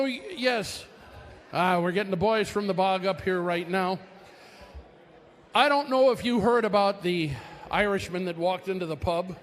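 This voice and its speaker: A man emceeing a live music night on a brewery stage, with folksy, joking stage patter. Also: high-pitched. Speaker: bandleader and emcee. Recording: roomy live room with band music.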